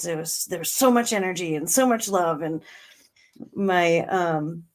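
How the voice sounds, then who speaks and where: A middle-aged woman, a guest in an interview, telling a personal story in earnest, slowing down on emotional words and laughing now and then. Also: on the low side. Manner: earnest, slows right down on emotional words, laughs between lines.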